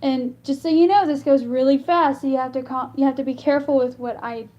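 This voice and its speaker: High-voiced woman explaining slowly, lo-fi. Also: steady tone, a little mellow. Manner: halting, explains with many fillers and restarts. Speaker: singer teaching vocal improvisation. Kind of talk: casual live-stream singing lesson.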